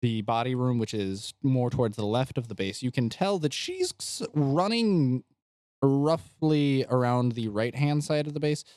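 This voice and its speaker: A man's voice: medium pitch, measured pace, no room sound, clean studio sound. A man running a tabletop game as game master, narrating and voicing characters. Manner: animated, voices characters.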